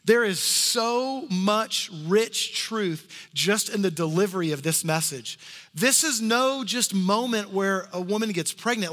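A man preaching a sermon as pastor, talking in a conversational way and dropping to soft hushed tones for emphasis. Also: high-pitched, animated, unhurried, in a large hall. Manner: conversational asides.

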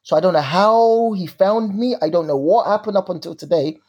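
A young man telling a story in casual chat, animated and full of slang, acting out his own drama. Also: high voice, fairly quick, lo-fi sound.

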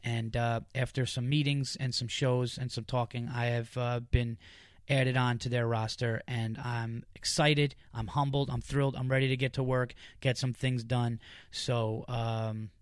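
A man hosting a podcast, chatting casually and excitedly, rambling with lots of fillers and restarts. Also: mid-range voice, measured pace, clean tone, no echo, clean studio sound. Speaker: podcast host.

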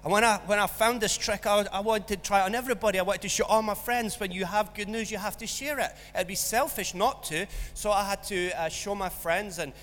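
A pastor with a high voice delivers a sermon fairly quickly, hardly pausing, as he animatedly tells a school story and acts out the voices in it. The long reverb of the church hall carries through the recording.

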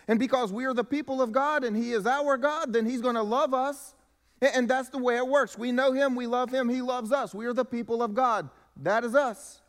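A man preaching a sermon as pastor, with emphatic swings between loud declarations and quiet, low asides. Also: a little fast. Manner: preaching with emphatic rises and drops in volume. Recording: long hall reverb.

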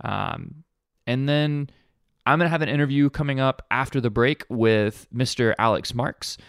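A man's voice: medium pitch, moderate pace, gravelly, fairly bright tone, smooth, no room sound. Male podcast host, wry and chatty, resonant voice, dry close mic. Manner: wry, chatty, lots of fillers. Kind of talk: casual podcast intro.

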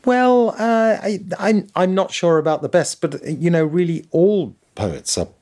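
A man's voice: high voice, animated, a little slow, a little mellow. A man being interviewed as an author, talking in a reflective, digressive way and spinning wry anecdotes. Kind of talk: reflective conversational storytelling.

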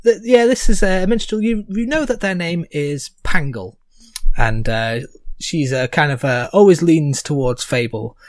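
A man narrating a tabletop game as game master, hesitant, with many pauses. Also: on the high side, expressive, no echo. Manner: hesitant, full of "uh"s.

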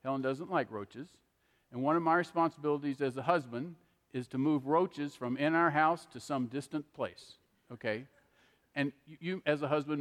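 A man's voice: medium pitch, fairly bright tone. A middle-aged man preaching a conversational sermon, often checking in with an "okay?". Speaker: pastor. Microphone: handheld microphone. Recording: long hall reverb.

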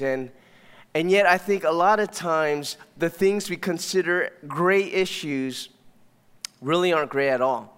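A man preaching as pastor, telling stories in a casual, animated way. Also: high-pitched. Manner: conversational storytelling, animated. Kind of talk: sermon. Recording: long hall reverb.

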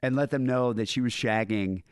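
A man's voice: medium pitch, normal speed, smooth, dry recording, clean studio sound. Laid-back man reading out news. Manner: wry, laid-back storytelling with frequent fillers. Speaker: podcast co-host. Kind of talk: casual chat, reading out news stories.

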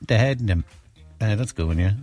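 A man's voice: fairly low pitch, expressive, fast, a little mellow, faint music behind. A middle-aged Irish man hosting a casual chat show, joking, laughing often and reading out listener messages. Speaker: radio host.

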